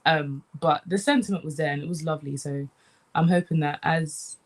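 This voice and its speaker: A young woman from the UK, a comedian chatting casually in an interview, animated and relaxed, often saying "man". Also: deep voice, moderate pace. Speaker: comedian guest.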